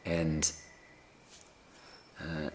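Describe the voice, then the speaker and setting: A man giving a gentle, unhurried spiritual talk on a live video call, often pausing with fillers and restarting his sentences. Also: extremely low pitch, monotone, a little hiss or hum. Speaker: spiritual teacher.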